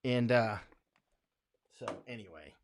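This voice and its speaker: A man's voice: mid-range voice, animated, slow, slight background noise. An American man hosting a casual livestream, rambling in a folksy way, often laughing between thoughts. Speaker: livestream host.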